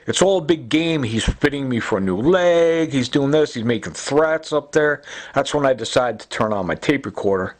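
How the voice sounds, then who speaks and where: A man's voice: mid-range voice, expressive, normal speed. A middle-aged man giving a rambling, agitated personal testimony, full of fillers and repeats. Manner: agitated, repetitive, many fillers. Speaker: self-recorded complainant.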